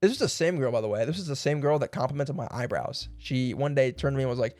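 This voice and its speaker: A man's voice: medium pitch, animated, fast, darkish tone, no echo. A young man streaming a puzzle game, thinking aloud in a rambling way and laughing now and then. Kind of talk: casual puzzle game livestream.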